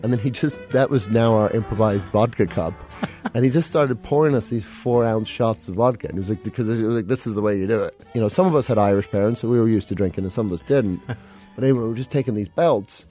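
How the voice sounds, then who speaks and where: A man's voice: on the low side, quick pace, mellow, soft background music. A man from England, a comedian guest, telling rambling self-mocking stories in a casual podcast interview. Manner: rambling, self-mocking anecdotes with frequent laughs.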